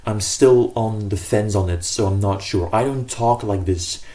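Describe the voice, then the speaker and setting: A man's voice: on the low side, unhurried, dark tone. A man giving casual self-improvement advice to camera in an earnest, rambling way, often correcting himself mid-sentence.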